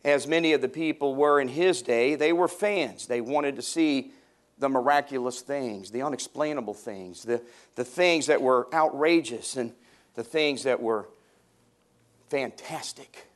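A man's voice: medium pitch, unhurried. A pastor preaching a sermon to his congregation, stressing his points and repeating key phrases.

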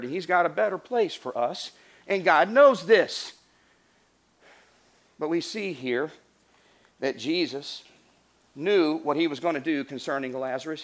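A man preaching a sermon as pastor, earnest, rising to emphatic lines and dropping to soft hushed passages. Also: on the high side.

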